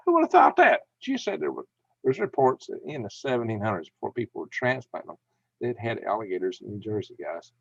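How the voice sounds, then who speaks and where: A man rambles folksy stories on a live stream and chuckles as he reads chat. His voice is mid-pitched. The sound is dry and close, but a bit dull, like a modest home mic. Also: big pitch swings, fairly quick, vocal fry, a bit bright, breathy edge, no room sound. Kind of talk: casual storytelling and reading chat.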